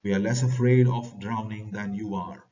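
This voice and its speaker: A man's voice: fairly low pitch, steady tone, normal speed, warm tone, lightly acted. Indian man reading as a scornful nobleman. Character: arrogant nobleman insulting a sailor. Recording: distant dull lo-fi recording.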